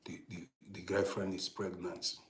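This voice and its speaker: A middle-aged man telling a personal story in a casual monologue, dropping to hushed whispers and rising to loud, emphatic bursts, often repeating and restarting phrases. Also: low voice, flat delivery, unhurried, reverberant. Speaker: storytelling channel host.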